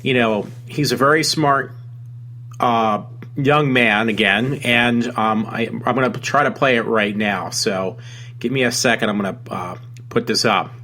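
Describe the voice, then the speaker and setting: A man's voice: mid-range voice, fairly even intonation, measured pace, pushed and bright. A man hosting his own talk show, rambling with many ums and restarts. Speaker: show host. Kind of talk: casual solo talk show.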